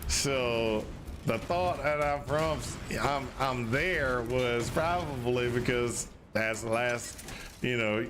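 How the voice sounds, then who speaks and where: A man's voice: mid-range voice, slow pace, noisy background. A man from North Carolina streaming a video game, chatting casually in a rambling, repetitive way. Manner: rambling and repetitive, restarts phrases. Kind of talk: casual chat while gaming.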